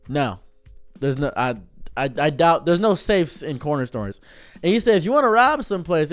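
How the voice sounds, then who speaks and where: A young man telling an absurd comedic anecdote in a deadpan way, quickly voicing the people in it. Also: fairly high pitch. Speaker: streamer and storyteller. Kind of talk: comedic storytelling.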